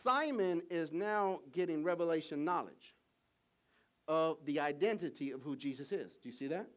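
A man preaching a sermon in a church, animated, asking the congregation for call and response. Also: fairly high pitch, normal speed.

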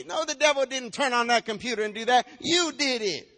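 A man's voice: extremely high pitch, sing-song, moderate pace, sharp tone, big-room sound. A man preaching a sermon in a church, firing rhetorical questions, teasing the congregation and slipping into a sing-song chant.

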